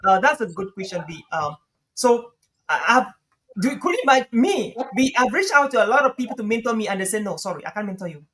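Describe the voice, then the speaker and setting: Male guest coach, energetic and emphatic, live-stream chat. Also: very high voice, brisk, a little hiss or hum, low-quality recording. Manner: lively, laughs often, repeats phrases for emphasis. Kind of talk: conversational advice on a live stream.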